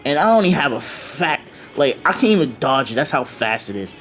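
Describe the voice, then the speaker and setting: A man improvising a casual fan-fiction story in first person, loose and excited, swearing and acting out the dialogue with lots of fillers. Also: mid-range voice, brisk, soft background music.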